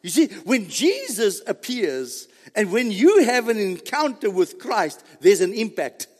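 High, lively preaching man in a hall. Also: unhurried. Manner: emphatic, repetitive, rising to near shouts. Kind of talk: sermon. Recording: long hall reverb.

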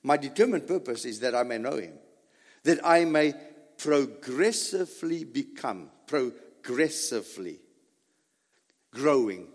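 Male pastor, sermon, emphatic preacher with dramatic pauses and an animated delivery. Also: medium pitch, in a large hall.

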